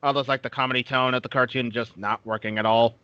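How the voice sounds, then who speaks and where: A man's voice: medium pitch, fairly even intonation, fast talker, pushed and bright, clean tone, no room sound. A young man hosting an interview, asking questions in a casual, chatty way. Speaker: interviewer, host. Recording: dull, lo-fi, dry recording.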